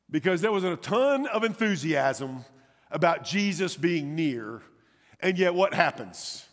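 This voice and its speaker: A man preaching a sermon as pastor, dramatic and swinging between loud calls and hushed words. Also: on the high side, big pitch swings, takes it slowly, pauses often, big-room sound.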